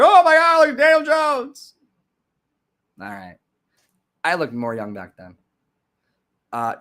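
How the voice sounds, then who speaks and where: A young man hosting a live stream, chatting casually and sarcastically, with frequent restarts and sudden loud rants. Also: medium pitch. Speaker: livestream host.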